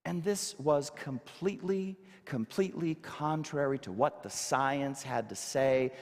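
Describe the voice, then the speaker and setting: A male minister preaching a sermon to a congregation, emphatic and animated, asking rhetorical questions. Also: medium pitch, measured pace. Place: church sanctuary. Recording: long hall reverb.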